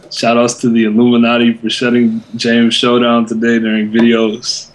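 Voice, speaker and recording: A man guesting on a podcast, reading off sarcastic shout-outs in a deadpan, dry way. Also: medium pitch, poor audio.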